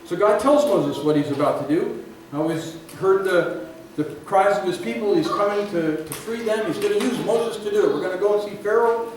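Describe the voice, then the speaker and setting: A man preaching from the pulpit, his voice set a little higher than most, rising to loud emphatic peaks and then falling quiet to stretch out a phrase. He is caught from well back in a big, echoing sanctuary, with room noise clearly underneath. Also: fairly quick, hardly any pauses. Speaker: pastor. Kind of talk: sermon. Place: church sanctuary. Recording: echoey hall, recorded from far off, audible room noise.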